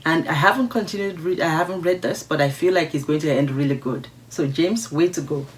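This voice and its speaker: Talking directly to camera in a casual vlog, a woman with a low voice reads viewers' letters and reacts to them. She's brisk, outspoken and emphatic, repeating her points to drive them home.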